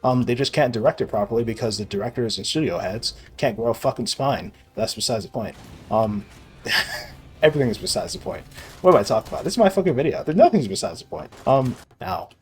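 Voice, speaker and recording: A young man casually rambling and swearing as he plays a video game, sarcastic and quick to laugh at himself. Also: mid-range voice, animated. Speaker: gaming video creator. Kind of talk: casual rambling commentary while playing.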